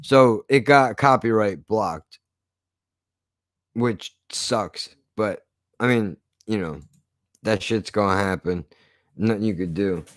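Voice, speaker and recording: A man's voice: lowish voice, takes it slowly, long pauses, no room sound. A man streaming live, ranting casually in a rambling, profane way with frequent restarts.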